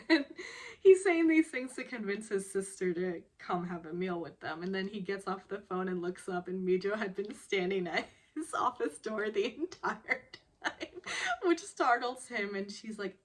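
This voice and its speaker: A woman's voice: mid-range voice, animated, measured pace. A young woman recapping a television drama episode in a casual, chatty way, laughing often and acting out the characters' lines. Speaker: recap vlogger.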